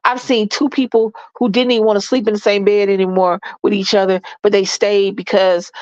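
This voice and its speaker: A woman's voice: mid-range voice, level tone, brisk, few pauses, a little mellow, no room sound, highs cut off. Congested woman giving relationship advice. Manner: folksy, preachy, addresses listeners as y'all and baby.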